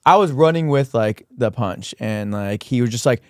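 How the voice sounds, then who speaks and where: A man's voice: mid-range voice, lively intonation, normal speed, no echo, studio quality. A man from San Diego with a Southern Californian accent, hosting a podcast in laid-back, jokey casual chat. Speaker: podcast host.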